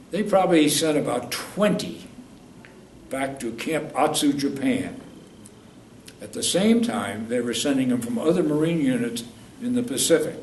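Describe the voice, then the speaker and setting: Recorded on a distant mic in a roomy space with faint noise, an 80-something man from New York State recounts his war experiences for an oral history interview. His voice is medium-pitched and a little mellow, and he wanders through his stories, fixing his words as he speaks.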